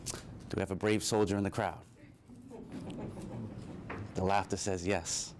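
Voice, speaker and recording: A man's voice: low voice, little pitch movement, a little slow, background noise. A man speaking to a live audience, telling his own childhood story with earnest emotion. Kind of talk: personal storytelling speech.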